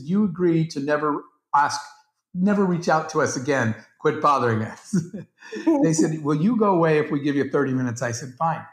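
A man, a guest entrepreneur, tells a story and acts out each line of quoted dialogue. His voice sits a little high for a man. It is recorded in a roomy space that gives it a clear echo. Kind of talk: storytelling in a podcast interview. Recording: roomy, echoey sound.

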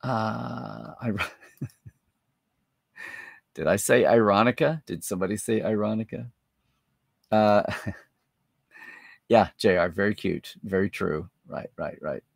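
Speaking slowly with long pauses, a man with a low, creaky voice hosts a live-stream chat and rambles through viewer comments. He thinks aloud in a chatty way full of fillers, recorded at studio quality with no echo.

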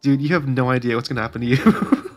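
A man at an ordinary mid pitch reads chatbot replies aloud as casual commentary. He keeps breaking into laughter, swears freely and slows down to mock the lines. Faint music plays underneath. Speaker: YouTuber.

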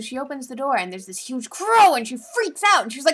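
A woman's voice: sits high, very animated, fairly quick, hardly any pauses, a bit bright. A woman vlogger giving a rambling, casual recap of a movie, full of asides and giggles.

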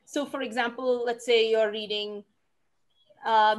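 Expressive woman answering on a video call. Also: fairly high pitch, unhurried. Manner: warm, expressive, stresses words for effect. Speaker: featured dancer and speaker. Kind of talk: answering questions in an online reading session.

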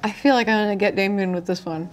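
A woman's voice: mid-range voice, fast talker. A woman teasing and swearing as a cast member in a rowdy group game. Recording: loud crowd noise behind.

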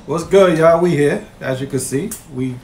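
A man's voice: on the high side, moderate pace, a little mellow. A man co-hosting an eating show, chatting casually and cracking playful jokes. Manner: playful and joking. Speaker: mukbang co-host. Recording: echoey room with clear background noise.

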